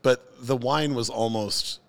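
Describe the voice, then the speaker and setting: A man in his forties telling a story in a relaxed, casual chat. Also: mid-range voice, takes it slowly. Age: 40s.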